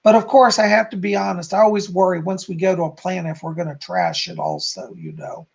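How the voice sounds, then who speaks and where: Hoarse man rambling on a live stream. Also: high voice, lively intonation, a little fast, a little mellow. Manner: rambling, reads out chat comments, many fillers. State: hoarse, clearing his throat. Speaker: live stream host, psychic. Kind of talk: casual live-stream chat.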